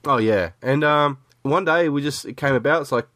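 A man's voice: medium pitch, normal speed, a bit bright, dry recording. A man hosting a podcast, joking and laughing as he chats while sick with a cold. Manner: laughs often, rambling and jokey. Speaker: podcast host. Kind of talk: casual chat.

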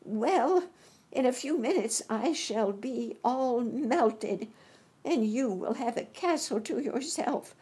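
A woman voicing a wicked old witch, cunning and cackling, with a shrill, wailing, drawn-out voice. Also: animated, mellow, husky, exaggerated voice.

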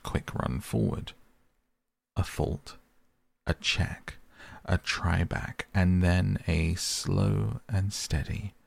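A man reading a classic storybook aloud in a measured, gentle storytelling manner. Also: low voice, vocal fry, slightly rough. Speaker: narrator.

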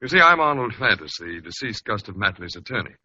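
A smooth, officious lawyer. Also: male voice, on the low side, sing-song, a little fast, sharp tone, heavily acted. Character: fussy middle-aged male family lawyer. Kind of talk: 1940s radio acting. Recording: dull lo-fi old radio recording.

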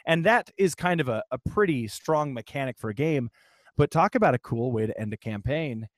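A man's voice: mid-range voice, expressive, moderate pace, no room sound. A man hosting a casual podcast about tabletop games, easygoing and explanatory. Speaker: podcast host. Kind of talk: casual chat.

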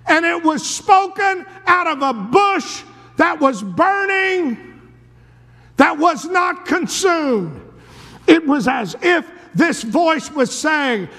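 A male preacher telling a story dramatically in a sermon, dropping to a hush and then rising to a shout. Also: very high voice, lively intonation, slow pace. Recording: long reverb of a large hall.

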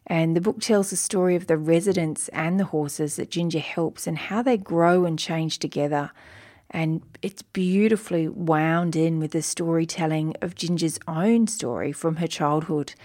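A woman's voice: low-pitched, steady tone, moderate pace, warm tone. A woman with an Australian accent, hosting a podcast and introducing the episode in an earnest, grateful way. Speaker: podcast host.

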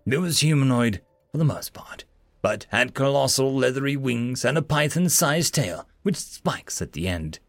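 A man narrating a story in the first person in an expressive, dramatic way. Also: mid-range voice, normal speed, gravelly, no echo. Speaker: audiobook narrator.

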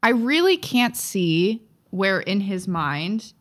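Animated young woman ranting. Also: mid-range voice, slow pace. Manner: animated, swears freely, exaggerated storytelling. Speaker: podcast co-host. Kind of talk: casual chat.

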